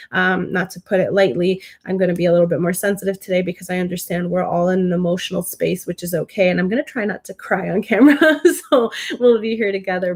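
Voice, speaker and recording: A woman doing a live-stream tarot reading, talking straight to her viewers in an emotional, affectionate way. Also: medium pitch. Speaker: tarot reader.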